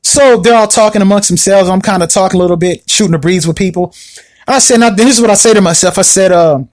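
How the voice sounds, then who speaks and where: A man hosting a podcast, telling a personal story in a casual, animated way, with many restarts and repetitions. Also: high-pitched, fast. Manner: animated, acts out the people in his story. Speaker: podcast host.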